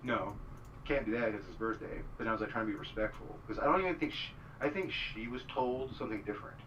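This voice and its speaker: A man's voice: on the low side, quick pace, a bit bright, muffled recording. A man telling a rambling story in casual chat, full of fillers. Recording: distant mic with noise.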